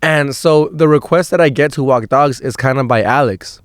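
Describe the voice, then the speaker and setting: A man's voice: medium pitch, moderate pace, no echo, studio quality. A young man hosting a podcast, telling a rambling, slangy story with lots of "dude" and swearing. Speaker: podcast host. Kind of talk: casual storytelling monologue.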